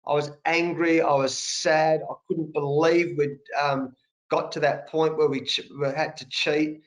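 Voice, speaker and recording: A man in his fifties with an Australian accent and a sore throat, telling lively anecdotes full of slang as a guest on a video call. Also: on the high side, unhurried, low-quality recording. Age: 50s. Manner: animated anecdotes with colloquial slang. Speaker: guest, national cricket coach. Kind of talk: conversational storytelling.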